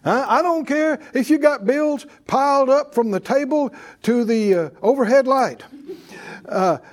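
A man's voice: very high voice, unhurried. A man preaching a sermon, leading the congregation in call-and-response.

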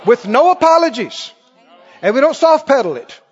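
A man pastor preaching a sermon emphatically, rising to shouts and dropping to quick asides. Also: extremely high pitch, sing-song. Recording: dull sound with long church reverb.

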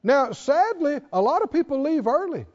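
A man preaching a sermon, folksy and emphatic, drawing out scripture quotes slowly and asking his listeners questions. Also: very high-pitched, big pitch swings. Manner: folksy, asks the audience questions. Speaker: pastor. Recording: dull lo-fi recording in a reverberant hall.

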